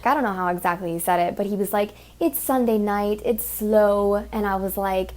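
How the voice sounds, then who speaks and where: A woman's voice: mid-range voice, normal speed. A woman hosting a podcast, telling a story in a blunt, heated, profane way and mimicking the people in it. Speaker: podcast host. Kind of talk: casual storytelling monologue.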